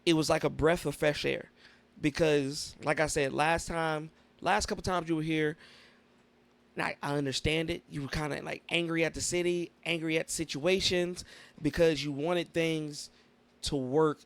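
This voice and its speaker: A man's voice: on the high side, steady tone, moderate pace, vocal fry. A man hosting a podcast, talking in a laid-back, encouraging, slangy way with his guest in a studio. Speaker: podcast host. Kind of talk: casual interview chat.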